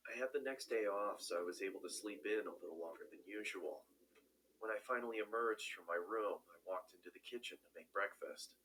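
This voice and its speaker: A man tells a first-person horror story in calm, measured narration. His voice is very low yet bright and forceful, with a faint hiss of noise behind it. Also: low-quality recording.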